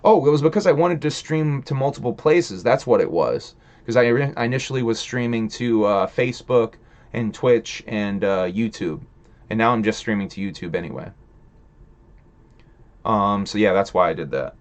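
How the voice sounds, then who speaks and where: A man with a somewhat low voice hosts a casual livestream, talking loosely with lots of swearing and filler. He rambles from thought to thought and answers his viewers' chat messages as he goes. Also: animated, moderate pace, lo-fi sound. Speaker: livestream host reading chat.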